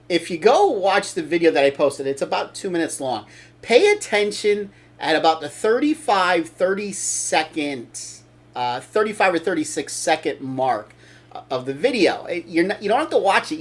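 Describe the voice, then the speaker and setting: An older man hosting a casual opinion talk show, blunt and opinionated, rambling with restarts. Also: a little high. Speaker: show host.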